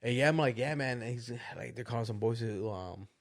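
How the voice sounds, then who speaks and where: Animated man retelling a story. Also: mid-range voice, brisk. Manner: animated retelling, acts out quotes, laughs often. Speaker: podcast co-host. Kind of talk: casual storytelling chat.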